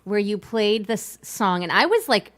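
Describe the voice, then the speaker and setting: Host: woman, animated storyteller, lots of pitch swing, video call. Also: unhurried. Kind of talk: casual chat.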